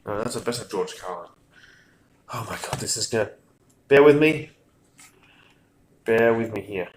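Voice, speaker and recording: A man's voice: lowish voice, animated, unhurried, slight background noise, rough recording. A man hosting a live stream, talking casually in an offhand, distracted way while he makes tea. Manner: offhand, distracted, talks while doing chores. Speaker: stream host.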